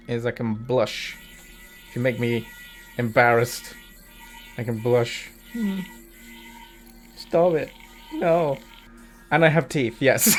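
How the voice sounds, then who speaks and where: A male VTuber streamer talks casually to his viewers at an ordinary middle pitch. He is chatty and keeps slipping into giggles. Soft music plays faintly in the background. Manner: chatty and giggly, often breaking into laughter. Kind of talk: casual livestream chat.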